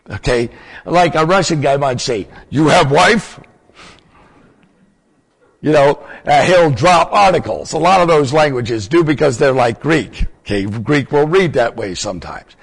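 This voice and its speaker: With a husky voice on the high side, an older preacher teaches in an explanatory way, putting questions to his audience as he goes. The sermon echoes with long hall reverb.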